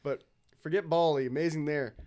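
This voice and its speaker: A man's voice: fairly high pitch, steady tone, fairly quick, a little mellow. A young man from Northern California telling easygoing stories in a casual chat. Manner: easygoing storyteller, laughs between lines. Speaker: conversation participant.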